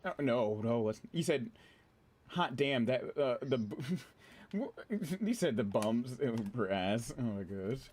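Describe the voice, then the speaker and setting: A man streaming a game, chatting casually with his audience in an excitable, chatty way and swearing freely. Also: mid-range voice, a little slow. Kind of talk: casual gameplay commentary.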